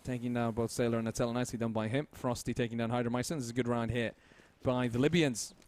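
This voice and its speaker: A man casting a competitive shooter game match with fast, joking play-by-play commentary. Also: mid-range voice, steady tone, a little mellow. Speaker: esports caster.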